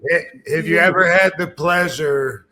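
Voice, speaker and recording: A man hosting a casual podcast, relaxed, with joking interjections. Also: on the high side, unhurried, a crowd in the background. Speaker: podcast host.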